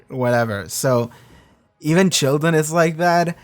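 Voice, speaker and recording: A man with a hoarse, cracking voice hosting a casual reaction review, rambling and swearing freely. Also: medium pitch, expressive, normal speed. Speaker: reaction video host.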